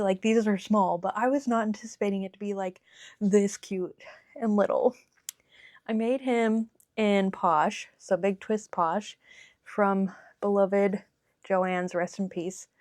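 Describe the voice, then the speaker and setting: A woman's voice: mid-range voice, dry recording. Young woman, crochet vlogger, gushing, giggly, chatty, dry close sound. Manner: gushing, giggly, says "like" and "oh my gosh" often. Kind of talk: casual chat.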